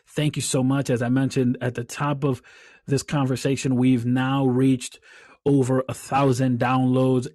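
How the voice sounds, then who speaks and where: A man's voice: medium pitch, warm tone, dry recording, clean studio sound. A man hosting his own coaching podcast, talking in an earnest, heartfelt way and often repeating words as he thinks. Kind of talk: reflective solo podcast talk.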